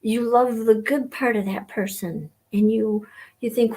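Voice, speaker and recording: A woman hosting a live stream, talking in a halting way with many fillers and repeated words, sometimes dropping to a whisper. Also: fairly high pitch, fairly even intonation, dark tone, breathy edge. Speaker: host of a weekly live stream. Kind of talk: casual personal talk.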